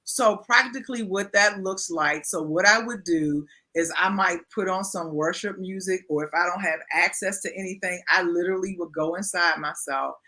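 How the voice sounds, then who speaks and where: A woman's voice: on the low side, moderate pace, hardly any pauses. A woman in her fifties, a pastor, talking candidly and emphatically as an interview guest. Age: 50s. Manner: emphatic, expressive, repeats phrases for emphasis.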